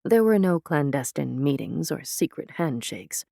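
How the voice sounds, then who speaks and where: A man reading scripted narration in a steady, deliberate storytelling voice. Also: on the high side, vocal fry, no room sound, clean studio sound.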